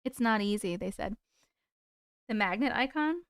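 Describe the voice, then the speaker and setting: A woman hosting a casual live stream from her desk at home, chatty and excitable, swearing freely. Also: on the high side, normal speed, smooth, no room sound, clean studio sound.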